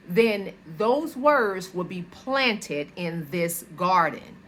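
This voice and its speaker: A woman's voice: on the low side, a bit bright, a little hiss or hum. A woman hosting a self-help video, talking directly to her viewers and encouraging them as she walks through a step-by-step assignment. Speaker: wellness video host. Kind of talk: motivational self-help talk to camera.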